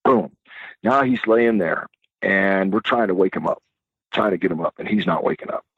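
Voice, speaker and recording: An older man telling rowdy stories as a guest, acting out the voices and shouts of the people in them. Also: low voice, normal speed, slightly rough, no room sound. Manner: acts out voices and screams in his stories, laughs a lot. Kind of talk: animated storytelling. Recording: dull lo-fi sound.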